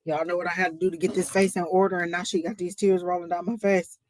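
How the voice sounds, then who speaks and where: A woman giving a live psychic reading, emotional and close to tears, warmly encouraging the viewer and calling her honey. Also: lowish voice, flat delivery, quick pace, slight background noise. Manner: talks to the chat as y'all. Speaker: psychic reader on a live stream.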